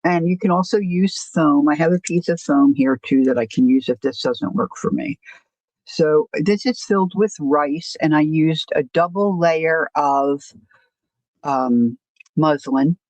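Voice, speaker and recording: A woman's voice: sits low, a little slow, darkish tone, dry recording, low-quality recording. A woman hosting a casual crafting livestream, rambling and self-deprecating, often stopping to restart her sentences. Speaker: crafting channel host.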